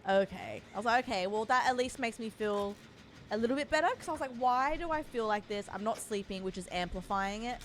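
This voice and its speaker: A woman's voice: a little high, animated, fairly quick, a little hiss or hum. A young woman streaming from home, chatting casually and rambling as she greets her chat by name.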